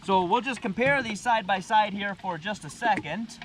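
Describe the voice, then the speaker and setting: A man's voice: sits high, normal speed, a bit bright, slight background noise. A man hosting a casual, plainspoken gear review while standing in shallow water by a boat. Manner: plainspoken, easygoing, with frequent uhs. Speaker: channel host reviewing gear.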